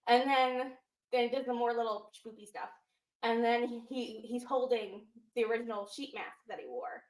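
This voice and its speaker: A woman's voice: a little high, normal speed, roomy sound, low-quality recording. A woman co-hosting a casual wrestling recap, retelling a segment with a lot of emotion and plenty of fillers. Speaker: podcast co-host.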